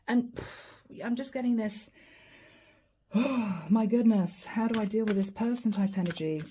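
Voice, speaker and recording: A woman with a husky, mid-range voice speaks at a moderate pace as a tarot reader. She gives a chatty reading to camera, lively and full of asides, often slipping into quoted voices to act them out.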